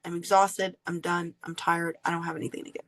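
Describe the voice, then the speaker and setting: A woman hosting a podcast, candidly telling a personal story in an animated way and laughing often. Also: fairly low pitch, a little fast, poor audio. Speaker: podcast host.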